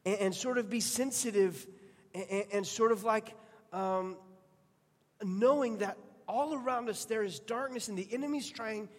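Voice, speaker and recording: Guy preaching a sermon, kinda high voice, earnest storyteller, echoey church hall. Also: normal speed. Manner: earnest, storytelling with repeated restarts. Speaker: pastor. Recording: long hall reverb.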